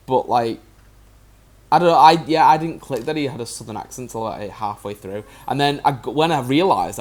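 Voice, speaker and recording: A man co-hosting a casual film podcast, musing and wondering aloud. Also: fairly low pitch. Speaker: podcast co-host.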